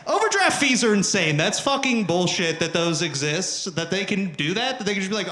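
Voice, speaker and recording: A young man performing a crude, self-mocking stand-up comedy set on a club stage, shouting at the crowd and slipping into loud mocking voices, with the audience laughing in the background. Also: sits high, sing-song, a little fast, few pauses, a little hiss or hum. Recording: roomy live club sound.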